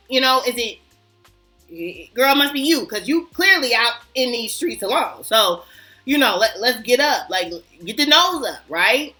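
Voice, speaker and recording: A woman fragrance vlogger chatting casually to her viewers, animated and self-mocking. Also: high-pitched. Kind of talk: casual chat to camera.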